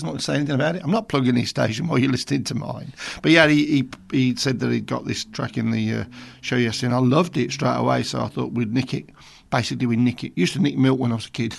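A man's voice: mid-range voice, vocal fry, a bit bright. A middle-aged man from Birmingham with a Birmingham accent, a radio presenter rambling through jokey stories between songs. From England. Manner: chatty, jokey, rambling storyteller. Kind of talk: casual radio chat.

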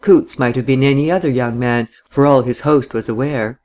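A man narrating a novel in a steady, even reading voice. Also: medium pitch, moderate pace. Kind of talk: audiobook reading.

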